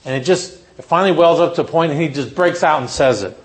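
A man preaching a sermon to teachers, telling a story with rhetorical questions and lively asides. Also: fairly high pitch, fast talker, few pauses.

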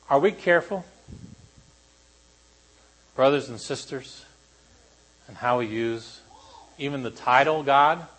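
A male pastor preaching a sermon to a congregation, shifting between animated emphasis and quiet, solemn lines. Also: medium pitch, poor audio.

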